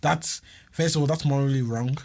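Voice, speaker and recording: A man's voice: medium pitch, normal speed, a little mellow. A young man, co-hosting a podcast in slangy, laugh-filled casual chat. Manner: laughs often, slangy banter. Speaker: podcast co-host.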